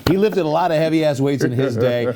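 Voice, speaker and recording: A man with a warm, mellow voice hosts a talk show and tells stories casually. He acts out the people in them with lively energy. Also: on the high side, quick pace. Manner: animated storyteller who acts out quotes. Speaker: show host.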